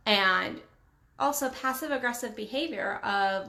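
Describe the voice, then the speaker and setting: A woman's voice: fairly high pitch, moderate pace, pushed and bright. A woman coach talking casually and emphatically to the camera, often repeating her phrases and acting out what people say. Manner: emphatic, repeats phrases, acts out quoted speech. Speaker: relationship coach. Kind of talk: casual vlog monologue. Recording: roomy echo.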